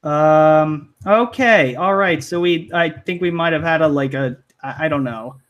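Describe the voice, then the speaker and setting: A man hosts a casual live-stream panel, his voice sitting a little high for a man. He rambles, restarts and fills gaps with ums and likes, laughing easily. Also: unhurried, muffled recording. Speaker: host of a live online panel.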